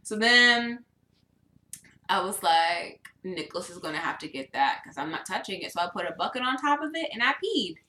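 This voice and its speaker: A woman's voice: lowish voice, normal speed, reverberant. A young woman co-hosting a casual podcast, telling a story with lots of swearing and laughter. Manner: animated storytelling, swears a lot, laughs often. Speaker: podcast co-host. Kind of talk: casual chat.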